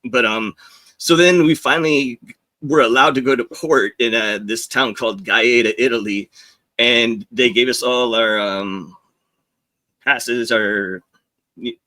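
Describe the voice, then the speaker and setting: A man's voice: medium pitch, measured pace. A man, a former Navy journalist, telling rambling stories on a podcast and acting out what people said with laughs. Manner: rambling, animated, acts out quotes with laughs. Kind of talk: casual storytelling.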